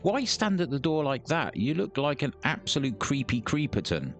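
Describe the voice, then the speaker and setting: A man's voice: mid-range voice, big pitch swings, moderate pace, soft background music. A man recording let's play commentary on a headset mic, joking, swearing and mocking the game's characters. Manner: jokey, swears, mocks the characters. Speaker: gaming YouTuber.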